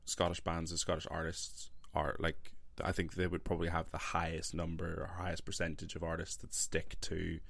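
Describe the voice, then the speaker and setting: A very deep-voiced man hosts a music podcast, easygoing and wry, slipping teasing jokes into the conversation. His voice sits close and dry, with no room sound around it. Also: completely flat delivery, normal speed, gravelly, few pauses, a bit bright, dry recording. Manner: dry, teasing humor, laid-back. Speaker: podcast host. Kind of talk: casual podcast chat.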